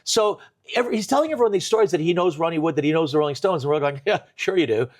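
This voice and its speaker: Animated storytelling man, slightly high voice. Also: racing. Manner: animated storyteller, many restarts, bursts of laughter. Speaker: comedian guest. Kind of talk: casual storytelling chat. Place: kitchen.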